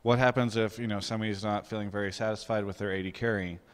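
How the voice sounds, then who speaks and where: A man's voice: lowish voice, flat delivery, fast talker, clean tone, in a large hall. A man interviewing a player after a match, asking articulate, conversational questions.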